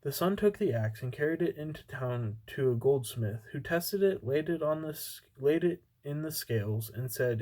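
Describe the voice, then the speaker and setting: A man's voice: medium pitch, expressive, moderate pace, darkish tone, rough recording. A man reading a fairy tale, stumbling. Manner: unpolished, with stumbles and restarts. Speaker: amateur reader.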